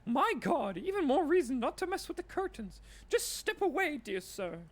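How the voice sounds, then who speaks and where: Brief: man putting on a high, flustered woman shopkeeper, nervous and superstitious, pleading, shrill, swoops around a lot. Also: big pitch swings, moderate pace, full character voice. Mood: frantic. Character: nervous superstitious female bookshop owner.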